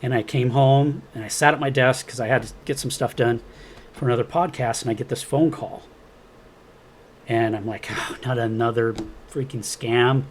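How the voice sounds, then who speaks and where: Animated man in his fifties. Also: medium pitch, moderate pace, a little hiss or hum. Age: 50s. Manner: animated, acts out quoted dialogue, laughs often. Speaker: guest, experiencer. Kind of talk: casual interview storytelling.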